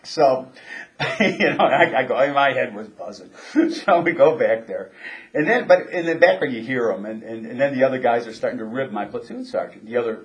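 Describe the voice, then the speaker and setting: A man's voice: mid-range voice, expressive. Older man chuckling through a war story. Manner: chuckling, halting with restarts. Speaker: interviewee, former Marine. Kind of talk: casual storytelling.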